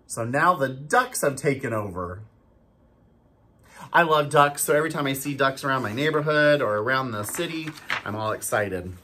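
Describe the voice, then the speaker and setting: A school staff member reading a storybook aloud to children, animated and stopping to ask them questions. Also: mid-range voice, normal speed. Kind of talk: storybook read-aloud for kids.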